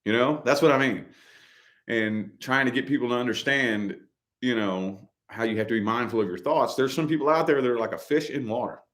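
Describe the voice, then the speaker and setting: A man's voice: mid-range voice, fairly quick, a bit bright. A middle-aged man hosting a casual chat, talking loosely and repeating himself, full of dude and man. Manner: loose, repetitive, slangy, says dude and man. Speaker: podcast co-host.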